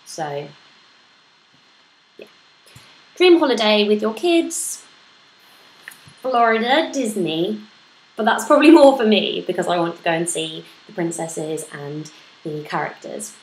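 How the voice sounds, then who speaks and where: In an echoey room with a little noise, a woman vlogger responds to parenting tag questions, chatting casually and frequently poking fun at herself. Her mid-range voice is very animated, and she speaks at a measured pace with frequent pauses.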